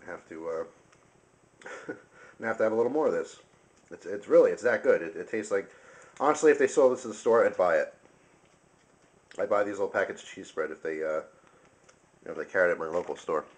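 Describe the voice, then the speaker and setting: Young guy with a deep voice chatting away about snacks, super excited, kinda mouth full. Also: fairly quick, pauses often. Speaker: video host. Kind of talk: casual food review vlog.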